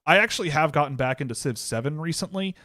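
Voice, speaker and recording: A man's voice: on the high side, animated, fast talker, pushed and bright, dry recording, clean studio sound. A young man co-hosting a casual hockey chat show, rambling through anecdotes and often cutting himself off mid-sentence. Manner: rambling, storytelling, self-interrupting. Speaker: podcast co-host.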